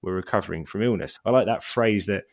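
A man's voice: fairly low pitch, fast talker. A man in a conversational discussion, earnestly sharing anecdotes.

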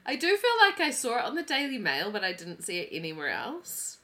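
A woman in her thirties co-hosting a casual podcast with a bright, clear tone that gives her voice some edge. She chats freely, laughs a lot and strings her thoughts together with "like" fillers. Her pitch sits in a normal middle range for a woman. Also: huge pitch swings, fairly quick. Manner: chatty, giggly, lots of "like" fillers. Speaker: podcast co-host. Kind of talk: casual chat.

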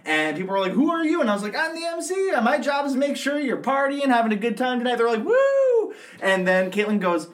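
A man's voice: very high-pitched, brisk, hardly any pauses. A young man on a podcast, telling a story in a loose, casual way and acting out the people in it. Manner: animated, acts out voices in his stories. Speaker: podcast co-host and wedding MC.

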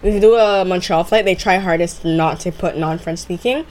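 Woman, casual podcast guest, blunt and animated, swears freely. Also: fairly low pitch, normal speed. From Canada. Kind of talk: casual chat.

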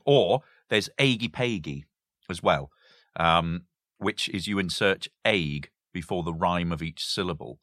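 A man's voice: deep voice, unhurried, no echo, studio quality. A man, a history professor, talking casually about language games with lots of restarts and giggles. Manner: animated, giggly, hesitant restarts. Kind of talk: casual conversation.

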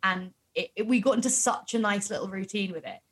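Young woman, podcast co-host, chatty, emphatic, laughs often, mid-pitched voice. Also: a little fast, breathy edge. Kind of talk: casual chat.

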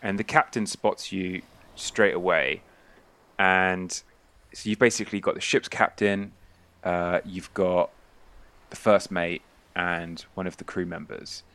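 Low-voiced man running a tabletop game. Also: fairly even intonation, fairly bright tone. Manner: voices the sailors in quick asides. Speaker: game master.

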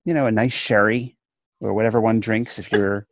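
A man's voice: lowish voice, fairly even intonation, moderate pace. A man talking as a law professor in a casual podcast discussion, chatty and playful, with many restarts.

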